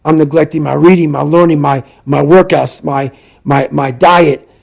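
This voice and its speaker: Middle-aged male guest, gravelly voice sitting high, driving and emphatic delivery. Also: fairly even intonation, normal speed. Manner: forceful, repetitive, emphatic. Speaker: podcast guest. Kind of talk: intense motivational talk.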